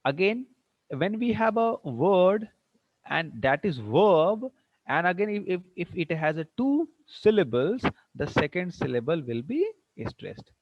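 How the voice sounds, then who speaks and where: A man's voice: high-pitched, big pitch swings, a little slow. A man teaching a class, repeating points and often asking whether students are following. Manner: keeps checking understanding with questions; repeats and restarts to stress a point. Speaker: English teacher. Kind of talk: classroom lecture on word stress. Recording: dull dry lo-fi recording.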